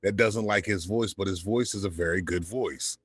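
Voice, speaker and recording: A man with a deep, smooth voice, chatting as a podcast guest and telling a laid-back story, swearing freely. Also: moderate pace, no echo, clean studio sound. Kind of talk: casual chat.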